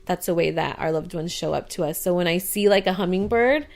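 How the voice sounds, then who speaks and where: A woman's voice: lowish voice, fairly quick, gravelly. A woman co-hosting a podcast, telling stories in casual chat, full of "like" and acted-out quotes. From Arizona. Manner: chatty storyteller, fillers "like" throughout, acts out quotes loudly. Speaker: podcast co-host.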